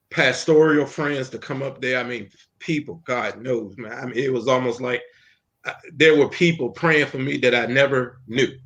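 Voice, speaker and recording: Guy telling his faith story in an interview, earnest, lots of ums, pitch in the middle. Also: pushed and bright. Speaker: minister and interview guest. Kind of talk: personal testimony in an interview.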